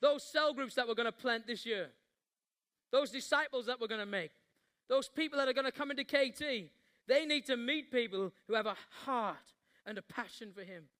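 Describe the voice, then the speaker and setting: A man's voice: very high voice, a little fast, bright, forceful tone. A man preaching a passionate sermon, acting out Bible scenes with rising intensity before leading the congregation in prayer. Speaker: pastor.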